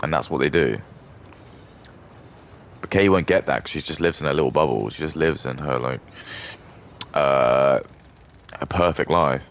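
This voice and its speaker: A man's voice: extremely low pitch, moderate pace, long pauses, a little hiss or hum. A young man rambling through a contemptuous rant as a streamer. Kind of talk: ranting casual monologue.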